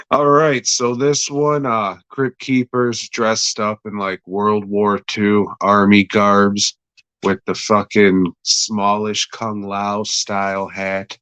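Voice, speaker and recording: Slow-talking man with a low voice. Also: level tone, a bit bright, smooth, no room sound. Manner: profane, offhand, self-correcting, chuckling. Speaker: horror show reviewer. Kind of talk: casual rambling recap.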